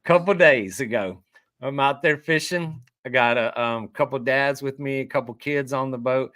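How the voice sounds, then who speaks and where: Middle-aged fishing guide, animated yarn-spinner, dry close sound. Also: male voice, medium pitch, moderate pace, no room sound. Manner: animated storyteller who acts out quoted dialogue. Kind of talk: casual storytelling.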